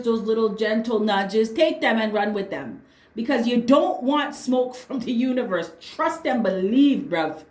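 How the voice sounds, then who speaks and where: A tarot reader with a fairly high voice delivers a laid-back reading full of blunt slang and easy swearing. "Right?" and "okay?" punch up each point, and the room gives off a noticeable echo.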